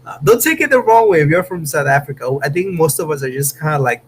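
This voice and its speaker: A laid-back Southern California man hosts a car channel livestream from a room at home, casually reading viewer comments. He is easygoing and chatty, says "man" and "bro" a lot and breaks into bursts of laughter. His voice is on the high side, expressive and fast, and the rough recording carries a faint hum.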